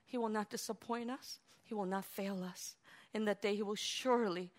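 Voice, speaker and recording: A woman pastor preaching a sermon, animated, swinging from hushed, quiet stretches to loud exclamations. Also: medium pitch, normal speed.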